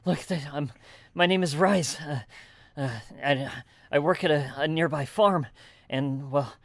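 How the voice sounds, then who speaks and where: A man puts on a scared young farmhand who has run until he is out of breath, tripping over his words and apologizing as he stammers out his story. The voice sits a little higher and louder than a plain talking voice, and the pace is quick and uneven. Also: dry recording, studio quality. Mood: panicked. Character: frightened young male farmhand, breathless and rambling.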